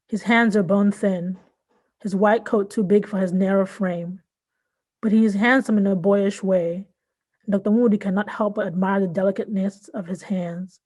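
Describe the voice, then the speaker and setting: A woman author reads her own short story aloud at a measured pace. Her voice is mellow and darkly colored, with a middle pitch. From born in Nigeria, raised in Southern California. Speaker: fiction writer reading her work. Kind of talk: literary reading.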